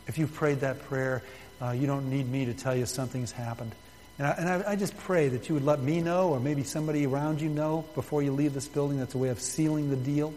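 A man pastor leading a fervent closing prayer in a church, pleading, his voice swelling loud and dropping soft. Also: fairly high pitch, brisk, in a large hall, a little hiss or hum. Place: church building.

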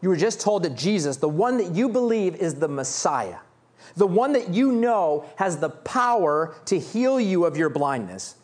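A male pastor delivers a sermon from the pulpit at normal speed, his voice animated and rising and falling in pitch. He alternates scripture reading with dramatic renditions of the beggar's loud, pleading cries.

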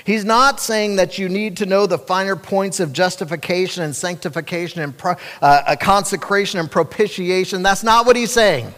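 A man's voice: high-pitched, normal speed, hardly any pauses, a bit bright, big-room sound. A male pastor preaching a sermon, speaking emphatically and directly to the congregation.

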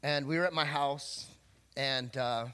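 A man's voice: mid-range voice, measured pace, smooth. A middle-aged man, a pastor, telling stories in a humorous sermon and acting out quotes in playful voices. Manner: jokey, animated, acts out quotes in voices. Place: church before a congregation.

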